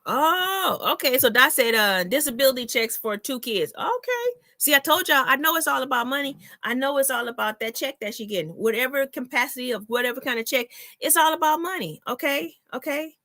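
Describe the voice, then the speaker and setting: A woman's voice: high voice, a little fast, few pauses, sharp tone, no echo, clean studio sound. Heated, ranting woman on a live stream. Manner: heated, ranting, blunt and profane. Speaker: comedian hosting a live chat. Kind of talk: casual live-stream chat reading viewer comments.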